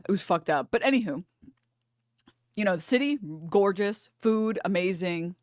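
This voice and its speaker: A young American woman streamer telling a story in casual chat, animated and profane, often laughing through her words. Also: medium pitch, measured pace, no room sound, studio quality. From United States.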